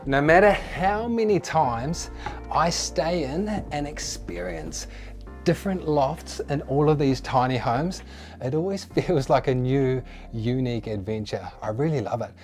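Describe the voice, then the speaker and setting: A man's voice: mid-range voice, lively intonation, a little slow, faint music behind. A man hosting a tiny home tour vlog, chatty and upbeat as he walks through the rooms. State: a little out of breath.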